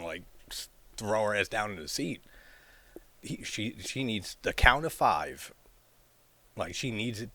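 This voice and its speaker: Male film reviewer, lower voice, casual rambling chat with laughs and swearing. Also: fairly bright tone. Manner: rambling, fills with "like", laughs often, swears freely. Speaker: horror movie reviewer.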